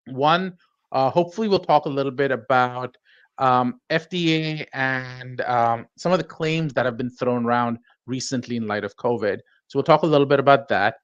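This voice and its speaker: A man's voice: fairly high pitch, fairly bright tone, dry recording, muffled recording. Rambling man hosting a podcast chat. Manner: rambling, filler-heavy, dry self-mocking. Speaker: podcast host. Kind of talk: casual chat.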